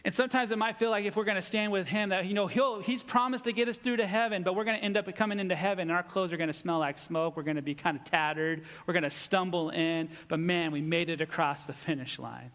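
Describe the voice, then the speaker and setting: A pastor preaching a sermon with earnest emphasis, dropping low and soft on his key points. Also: fairly even intonation, fast talker, hardly any pauses. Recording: long reverb of a church hall.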